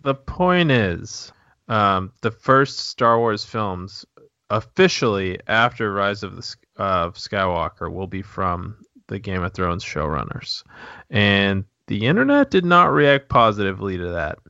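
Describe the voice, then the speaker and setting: Deep gravelly male podcast co-host. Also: sing-song, a little slow, sharp tone, no echo, muffled recording. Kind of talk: casual podcast chat.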